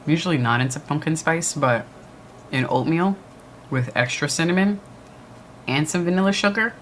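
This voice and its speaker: A man's voice: a little high, moderate pace, a bit bright, slight background noise. A man co-hosting a livestream watch party, chatting casually and answering viewer comments. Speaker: livestream co-host. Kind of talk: casual chat with live chat.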